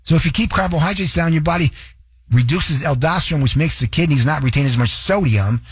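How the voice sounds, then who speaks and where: A man hosting a radio talk show, coaching listeners directly and spelling out details slowly. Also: on the high side, slightly rough, dry recording.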